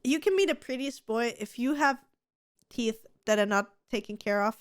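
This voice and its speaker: A woman's voice: fairly high pitch, moderate pace, dry recording, studio quality. A woman in her thirties co-hosting a podcast, chatting casually in a gushing, giggly way and swearing freely. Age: 30s. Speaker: podcast co-host. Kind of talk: casual chat.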